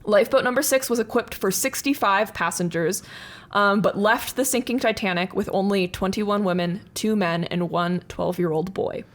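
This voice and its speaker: A woman's voice: mid-range voice, moderate pace. A young woman co-hosting a podcast, telling a history story in a casual, chatty way with lots of fillers and laughs.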